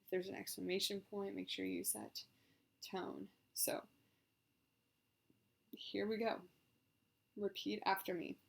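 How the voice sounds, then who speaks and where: Female speech therapist, gravelly texture, mid pitch, deliberate coaching delivery. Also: little pitch movement. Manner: slow, clear, deliberate instruction with loud sustained vowels. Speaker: speech therapist leading voice exercises. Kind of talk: guided voice exercise session.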